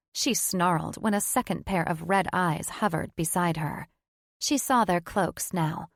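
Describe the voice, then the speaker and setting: A woman reading a fantasy audiobook in scripted narration, measured and even. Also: on the low side, dry recording, studio quality.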